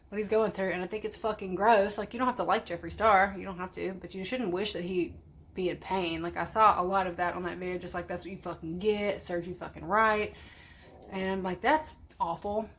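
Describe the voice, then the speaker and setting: A woman's voice: medium pitch, fairly bright tone. A woman vlogging in casual chat, blunt and chatty, swearing freely. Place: parked car.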